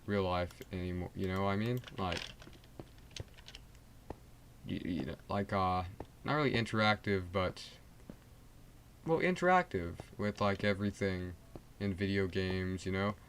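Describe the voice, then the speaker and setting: A man's voice: sits low, unhurried, long pauses. A teenage male streamer rambling casually while playing a game, full of fillers and restarts. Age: teens. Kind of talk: rambling gameplay livestream chat. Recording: loud background noise.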